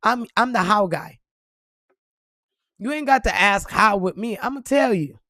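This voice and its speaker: A woman vlogger giving a casual motivational talk to her followers, blunt and profane, swinging from loud punchy bursts to soft reflective moments. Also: mid-range voice, expressive, unhurried, dry recording, studio quality. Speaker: spiritual reader and motivational vlogger.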